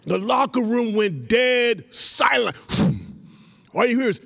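A man from Columbus, Ohio, a former football lineman, telling a lively story to an audience, acting out lines and breaking into shouts. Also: very high-pitched, slow pace, vocal fry. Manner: animated, acts out quotes, bursts into shouts.

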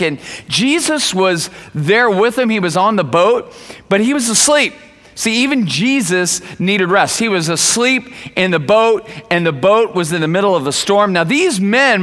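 Animated male pastor in a reverberant hall. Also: high voice. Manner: animated, acts out quoted voices. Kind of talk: sermon. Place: church.

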